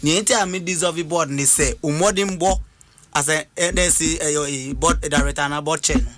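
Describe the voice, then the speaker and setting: A man's voice: on the high side, fairly quick, a bit bright, no echo. A man with a Ghanaian accent hosting a radio talk show, asking questions in a mix of Twi and English. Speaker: host.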